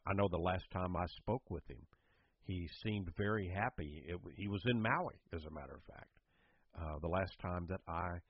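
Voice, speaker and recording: Talk show host, male, low and husky, rambling delivery, dry muffled audio. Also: no echo. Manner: rambling, many fillers and restarts. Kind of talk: casual interview chat. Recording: dull lo-fi sound.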